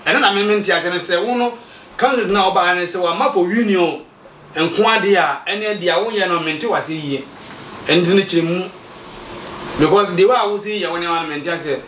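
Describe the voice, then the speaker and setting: Ghanaian man, lively storyteller, slightly high voice, distant mic. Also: moderate pace, a little hiss or hum. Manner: animated storytelling, acts out quoted exchanges. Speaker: community association member. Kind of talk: recounting events, mixing Twi and English. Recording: echoey room, mic far off.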